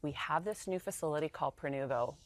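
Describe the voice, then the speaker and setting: Woman sharing a personal story, low-pitched. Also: quick pace, no room sound. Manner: emotional, animated retelling with quoted dialogue. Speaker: interview guest.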